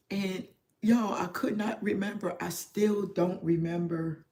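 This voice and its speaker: A middle-aged woman giving a confessional livestream talk as a spiritual therapist, getting emotional and speaking slowly and reflectively with many pauses and fillers. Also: mid-range voice, fairly even intonation, darkish tone.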